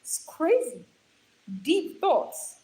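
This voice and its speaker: A woman's voice: extremely high pitch, huge pitch swings, extremely slow, warm tone, low-quality recording. A young woman hosting a livestream, chatting affectionately with viewers, calling them darling and laughing often, speaking into a phone held in her hand. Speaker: livestream host. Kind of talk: casual livestream chat reading comments.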